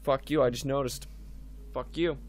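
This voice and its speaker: A man's voice: mid-range voice, steady tone, moderate pace, soft background music. A man giving casual let's-play commentary, full of profane, muttered asides. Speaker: gameplay commentator.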